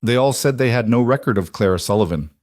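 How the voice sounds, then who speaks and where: A man's voice: medium pitch, expressive, fast talker, a little mellow, no room sound, natural voice. Patrick, a man playing a careful formal uncle. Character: middle-aged Irish uncle, careful and formal.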